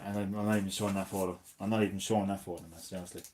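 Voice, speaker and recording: A man in his thirties, chatting casually and swearing a lot as a gaming streamer, drifting between loud remarks and mumbled asides. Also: sits low, steady tone, rapid-fire. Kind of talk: casual rambling commentary.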